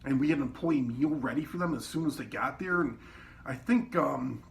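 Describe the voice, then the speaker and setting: This man, once a cook, rambles through casual work stories from the kitchen, full of swearing and loudly quoted coworkers. His mid-range voice moves at a normal speed and has vocal fry. A faraway mic catches him along with faint background noise.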